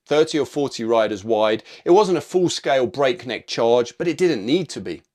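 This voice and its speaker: A man narrating a military history video in a punchy, informal scripted style with casual asides. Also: mid-range voice.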